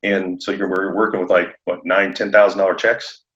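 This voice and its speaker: Animated man on a lo-fi echoey line. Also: low-pitched, brisk. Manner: animated, laughs often, acts out phone conversations. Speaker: podcast guest, roofing contractor. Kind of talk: casual podcast chat. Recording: echoey room, dull lo-fi sound.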